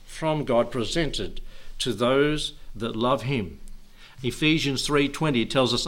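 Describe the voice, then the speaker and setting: A man of middling pitch delivers a sermon to a church gathering. He breaks into soft chuckles between phrases and slows down to read scripture passages with rising emphasis. His tone stays conversational and easy. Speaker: pastor. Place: church service.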